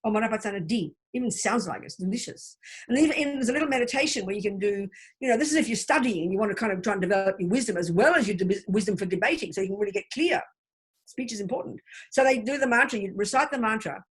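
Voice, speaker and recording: A woman's voice: medium pitch, fast talker, husky. A woman teaching a Buddhist study group over a video call, explaining mantras and leading recitation. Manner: warm explanatory teaching, chants mantra syllables for listeners to repeat.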